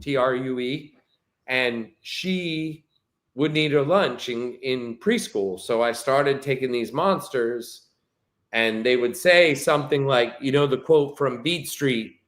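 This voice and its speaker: A man who is a guest on a podcast, telling a relaxed, rambling story full of fillers and restarts in casual conversation. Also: medium pitch, takes it slowly.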